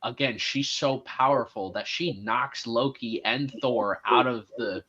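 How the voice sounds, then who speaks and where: A man's voice: mid-range voice, measured pace, sharp tone, husky. A man chatting casually about a film as co-host, rambling and laughing often. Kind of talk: casual movie chat. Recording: dull lo-fi sound.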